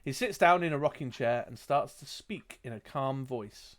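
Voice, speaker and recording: A man's voice: medium pitch, animated, normal speed, few pauses. A man reading a gamebook aloud as game master, with chatty asides. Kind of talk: narrating a gamebook playthrough.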